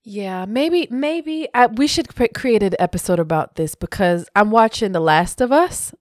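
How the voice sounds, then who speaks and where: A woman co-hosts a podcast in casual chat, animated, musing and jokey. Her pitch sits in the middle. The sound is dry and close. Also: moderate pace, no room sound. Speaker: podcast co-host.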